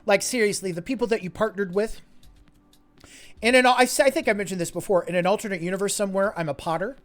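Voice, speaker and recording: A man's voice: high-pitched, fast, soft background music. Rambling, swearing male streamer host. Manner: rambling, joking and swearing, drifting between mutters and loud bursts. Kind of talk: casual live-stream chat.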